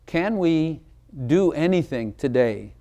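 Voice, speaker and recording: A man's voice: fairly high pitch, lively intonation, slow pace, mellow. Emphatic preacher questioning his congregation. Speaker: pastor. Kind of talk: sermon.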